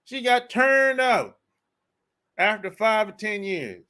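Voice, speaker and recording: A man's voice: high-pitched, big pitch swings, slow, sharp tone, smooth. A man hosting a dating channel, giving a casual, blunt, slangy opinion monologue and repeating his points.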